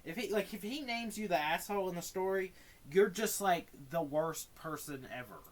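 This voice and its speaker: A young man streaming live, reacting to a video with animated, exasperated commentary. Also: high voice, normal speed.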